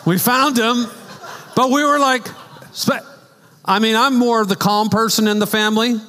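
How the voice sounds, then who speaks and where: This pastor's voice is very high-pitched, and he moves at a moderate pace through a conversational sermon. Standing in the church sanctuary, he spins lively stories full of offhand asides and laughter, all echoing with long hall reverb.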